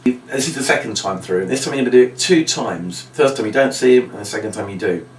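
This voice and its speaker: A man's voice: medium pitch, expressive, fast talker, slight background noise. A man teaching how to perform a magic and puppet trick, explaining each step and acting out the patter with a bigger voice. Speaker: magic and puppet show instructor. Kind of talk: training demonstration. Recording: roomy echo, mic set far off.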